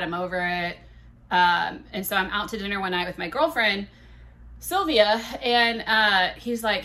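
Bright-voiced woman telling a candid story. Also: mid-range voice, moderate pace. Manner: candid, profane, animated retelling. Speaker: podcast host. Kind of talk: casual storytelling monologue.

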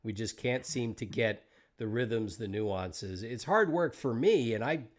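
Relaxed American male podcast host. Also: medium pitch, measured pace. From United States. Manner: relaxed, conversational, occasional swearing. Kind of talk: casual interview chat.

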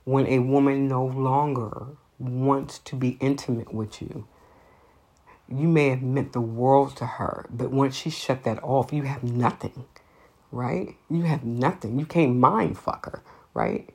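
A woman's voice: rumbling low, unhurried, dark tone, husky. A woman giving blunt, profane advice in an unscripted monologue, speaking emphatically.

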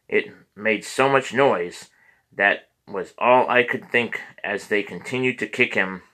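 A man narrates a memoir audiobook at a very slow, measured pace. His voice is fairly low, with a bright, forceful tone. He now and then stumbles and restarts a word.

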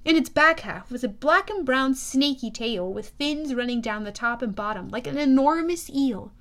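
Narrating a first-person audiobook at a moderate pace, a high-voiced woman gives a lively, expressive reading full of youthful energy.

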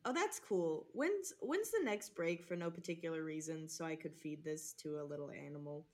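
A woman's voice: low voice, expressive, normal speed. Glenna, woman doing a flustered sneaky camper. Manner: flustered, fake-casual. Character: very tall, sneaky, nervous young woman camper.

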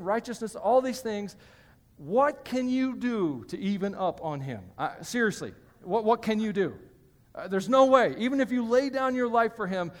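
A male pastor giving a sermon in a church, chatty and joking with the congregation between points. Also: high voice. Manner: conversational, joking asides to the congregation. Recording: hall reverb.

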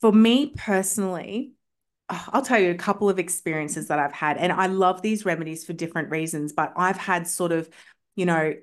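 As a podcast guest, a woman homeopath tells personal stories in a casual interview, chatty and enthusiastic with plenty of filler words. Her voice is lowish and her pace moderate.

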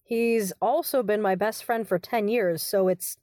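A woman's voice: medium pitch, a little slow, dark tone, slight background noise, lightly acted. A woman voicing a stressed young man hiding a fake marriage, flustered and defensive, a little away from the mic.

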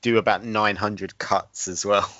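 A man's voice: lowish voice, fairly even intonation, a little slow, sharp tone, no echo. A man co-hosting a podcast, chatting casually and jokingly about a film he watched. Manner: jokey, laughs often, voices characters in retelling. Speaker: podcast co-host. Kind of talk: casual movie review chat. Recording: dull lo-fi, dry sound.

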